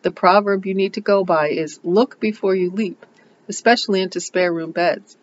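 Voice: medium pitch, fairly even intonation, moderate pace, muffled recording, slight background noise, natural voice. A reader voicing a gossipy, self-assured older woman neighbor from a storybook, emphatic and scolding. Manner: emphatic, scolding, repeats a pet phrase.

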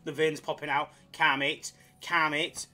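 Excitable man streaming slots. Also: on the high side, measured pace, soft background music. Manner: excitable, self-mocking, swears freely. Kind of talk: casual live-stream chat.

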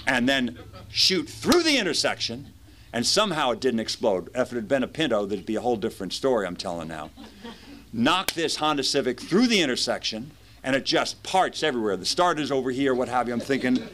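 A man's voice: medium pitch, animated, brisk, fairly bright tone, slight background noise. Man, 50s, recovery meeting speaker, vivid storyteller who acts out voices, mid-range voice.

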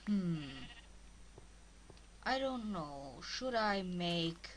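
A woman with a strong German accent, a native German speaker, giving halting, casual commentary as she plays a game and talks to herself. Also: fairly low pitch, lively intonation, slight background noise, low-quality recording. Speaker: let's player.

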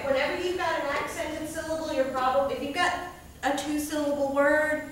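A woman teacher lecturing a class, often checking in with "okay?". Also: high voice. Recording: echoey classroom from far off, noisy.

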